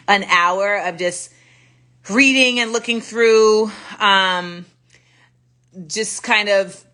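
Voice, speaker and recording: A woman hosting a casual livestream chat, telling stories in an animated way and acting out the exchanges with blunt profanity. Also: on the low side. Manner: animated storytelling, acts out quoted exchanges with profanity. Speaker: livestream host. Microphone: phone livestream.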